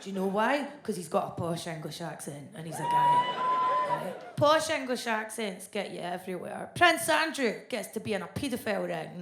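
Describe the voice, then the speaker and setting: A woman in her thirties with a Scottish accent, performing a stand-up comedy set with a blunt, deadpan delivery on a theatre stage. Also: mid-range voice, heavy background noise. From Scotland. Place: large theatre stage before a live audience. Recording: echoey live venue with audience laughter.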